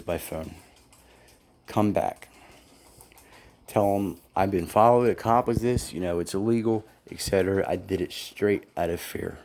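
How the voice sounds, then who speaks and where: Casually recounting his grievances as a former employee, this man speaks bluntly and profanely with an aggrieved edge, quoting others' words to him. His voice is low and a little mellow.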